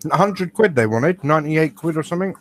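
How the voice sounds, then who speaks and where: A man's voice: a little high, expressive, a little fast, fairly bright tone. A man co-hosting a podcast, joking, laughing often and rambling through stories. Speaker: podcast co-host. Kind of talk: casual chat. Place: at home on an online call.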